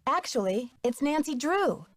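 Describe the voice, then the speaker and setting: An actress playing a confident young female detective in a mystery video game, crisp and inquisitive. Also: high voice, very animated, measured pace.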